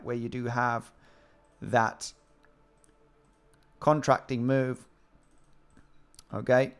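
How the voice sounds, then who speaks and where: A man's voice: medium pitch, clear, resonant tone. A man hosting a casual live stream about crypto trading, chatting with viewers and often repeating his words.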